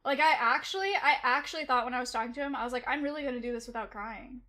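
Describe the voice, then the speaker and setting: A woman's voice: sits high, rapid-fire, bright, forceful tone. A young woman streaming live, chatting casually and slangily as she rattles off thanks to viewers. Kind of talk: casual livestream chat.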